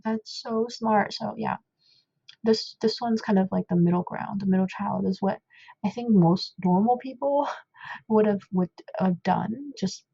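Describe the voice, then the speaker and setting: Young woman explaining code at home, mellow gravelly voice, lots of ums, kinda muffled dry recording. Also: mid-range voice, dry recording. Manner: rambling and self-deprecating, many fillers. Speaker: coding tutor. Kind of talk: casual coding walkthrough.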